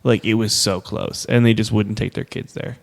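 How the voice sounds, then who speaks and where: A young man co-hosting a podcast, his voice sitting on the low side. He tells stories with energy and swears freely, in a relaxed, chatty way. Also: normal speed, creaky. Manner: swearing, animated storytelling. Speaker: podcast co-host. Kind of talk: casual chat.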